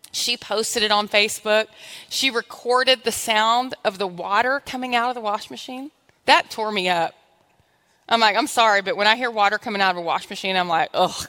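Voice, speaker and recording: This woman preaches in a church sanctuary with a sharp-toned, mid-range voice. She animates her stories by acting out her conversations with God, captured with long hall reverb.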